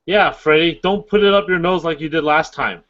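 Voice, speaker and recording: A man hosting a casual live model-building stream, joking around and explaining with halting fillers. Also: fairly high pitch, a bit bright. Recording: dull lo-fi stream audio.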